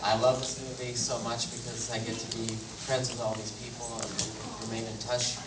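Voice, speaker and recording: A man speaking as a guest at a live stage Q&A, halting, with many fillers and shy laughs. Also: mid-range voice, flat delivery. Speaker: panel guest. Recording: far echoey theater with noise.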